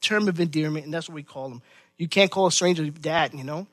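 A middle-aged man preaching a sermon as pastor, swinging from loud emphatic lines to quiet, hushed asides. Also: a little high, a little fast, no echo.

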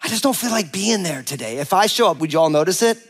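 High-pitched and quick, a man in his forties preaches from the pulpit. The pastor tells a funny story from his own life, bringing animated, playful energy and acting out the conversation.

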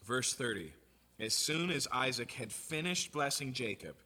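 A man giving an expository sermon, reading scripture aloud and explaining it in a conversational, animated way. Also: medium pitch, measured pace, slightly rough. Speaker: preacher.

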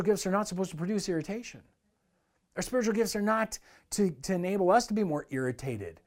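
Higher-voiced man preaching a sermon. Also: expressive, fast talker, a little mellow. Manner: earnest, conversational preaching that acts out quoted complaints. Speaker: pastor.

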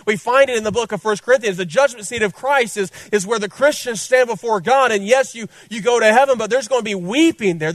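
A man's voice: high-pitched, no echo. A man preaching a sermon as pastor, fervent and repetitive, addressing listeners directly.

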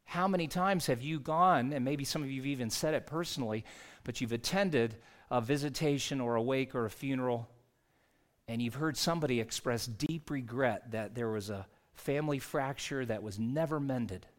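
A man's voice: mid-range voice, moderate pace. A man, a pastor, preaching a sermon in an earnest, conversational storytelling way.

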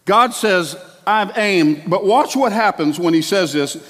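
A male pastor delivering a sermon in a church, animated and exclamatory, with chatty asides to the congregation. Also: high voice, a little slow. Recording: long hall reverb.

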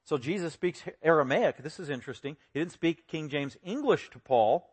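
A man preaching an expository sermon, lively and acting out the voices he quotes with sudden loud bursts. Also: on the high side, normal speed, breathy edge. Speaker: pastor.

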